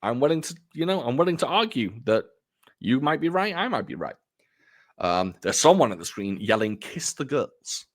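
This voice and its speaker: Rambling man with lively pitch. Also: fairly quick. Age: adult. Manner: rambling, chatty, self-deprecating. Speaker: film collector vlogger. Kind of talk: casual chat showing off purchases.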